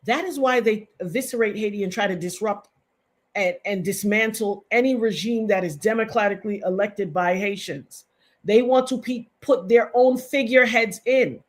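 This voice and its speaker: A woman's voice: medium pitch, moderate pace. A middle-aged woman giving impassioned, emphatic live-stream commentary to her chat, repeating points for stress.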